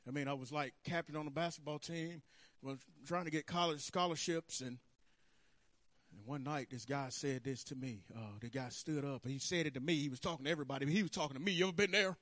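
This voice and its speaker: A man preaching a sermon, telling his own story with animated swings between hushed and loud. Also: medium pitch, no echo. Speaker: pastor. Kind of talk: sermon testimony. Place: church sanctuary.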